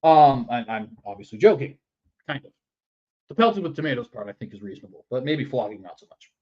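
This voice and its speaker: A man's voice: mid-range voice, big pitch swings, brisk, darkish tone, highs cut off. A man hosting a political commentary show in a sarcastic, mocking manner. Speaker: news commentary host.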